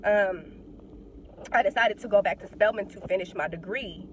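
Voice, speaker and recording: A woman's voice: medium pitch, normal speed, slight background noise, poor audio. A young woman, talking bluntly and with heavy swearing in a casual monologue while getting over a cold. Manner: blunt, profane, animated. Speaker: vlogger. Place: in a car.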